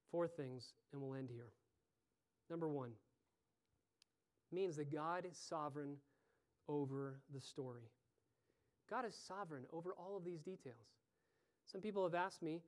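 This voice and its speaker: A man's voice: high-pitched, darkish tone. A man preaching an earnest sermon as pastor, building to pleading emphasis.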